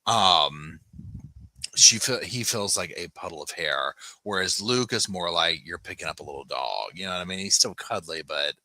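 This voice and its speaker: A low-pitched man chats casually on a home livestream, often dropping into soft cooing as he fusses over his puppies. His voice is bright and forceful, and the sound is close and dry. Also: lively intonation, moderate pace, dry recording. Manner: chatty, coos softly to his puppies. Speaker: livestream host.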